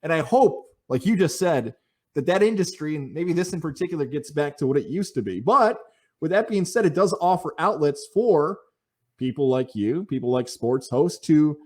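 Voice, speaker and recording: High-voiced enthusiastic male host. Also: animated, normal speed. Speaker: podcast host. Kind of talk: casual chat.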